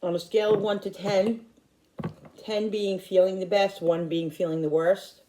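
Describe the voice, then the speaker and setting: A woman's voice: medium pitch, flat delivery, normal speed, noisy background. A middle-aged woman talking to her viewers in a heartfelt, rambling way, often restarting her sentences. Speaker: YouTuber. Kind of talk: personal vlog talk. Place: home in upstate New York.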